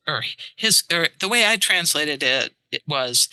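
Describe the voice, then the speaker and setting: Bright-voiced woman explaining in a dry studio. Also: low voice, measured pace, hardly any pauses, clean tone, no echo, poor audio. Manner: animated explaining, tapping out rhythms. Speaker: translator guest. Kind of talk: casual podcast interview.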